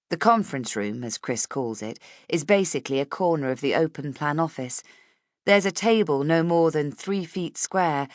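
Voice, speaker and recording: A woman narrating an audiobook in the first person, calm and measured. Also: low-pitched, no echo, studio quality.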